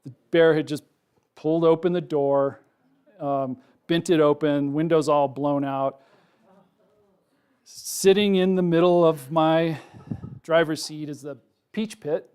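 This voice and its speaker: A middle-aged man, a wildlife researcher, giving a public talk to a live audience, telling a personal story in a casual, animated way with lots of ums and likes. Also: a little high, slow, pauses often, smooth. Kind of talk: public lecture with personal anecdote. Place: lecture room with a live audience.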